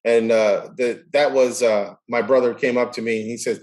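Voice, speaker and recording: A middle-aged man, a guest in a casual chat, tells stories and acts out quoted dialogue in an animated way. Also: mid-range voice, moderate pace. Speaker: guest, baseball umpire.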